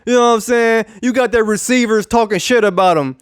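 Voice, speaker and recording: High-voiced man ranting sarcastically. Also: brisk, smooth, no echo, studio quality. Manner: animated, profane, repeats phrases. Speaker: YouTube sports commentator. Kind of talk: casual ranting commentary.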